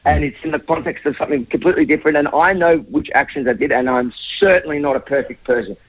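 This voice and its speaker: A man's voice: fairly high pitch, big pitch swings, fast talker, creaky, no echo, muffled recording. A man answering tough questions as a radio guest, emphatic and repeating words when pressed. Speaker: interview guest. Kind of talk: defensive radio interview answers.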